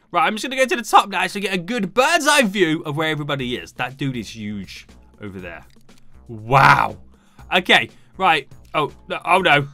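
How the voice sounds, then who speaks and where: Energetic male gamer, self-narrating, bright and sharp delivery with soft music under. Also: high voice. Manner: animated, shouts and talks to himself while playing. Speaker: gaming YouTuber. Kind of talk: excited gameplay commentary.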